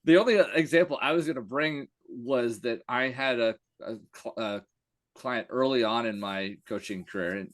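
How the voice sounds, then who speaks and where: A man's voice: mid-range voice, moderate pace. A male coach speaking hesitantly in a casual podcast chat, with many fillers and self-corrections.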